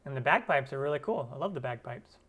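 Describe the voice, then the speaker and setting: A man's voice: mid-range voice, lively intonation, fast, a bit bright. A man hosting a cooking channel's live stream Q&A, chatting loosely with viewers and using many fillers. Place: lives in Arizona.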